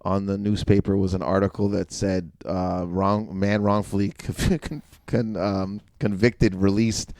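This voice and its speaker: A man telling animated stories in a casual podcast chat, laughing often and acting out what people said. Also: sits low, unhurried, few pauses, dry recording. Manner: animated storyteller, laughs often, acts out quotes. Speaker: guest comedian.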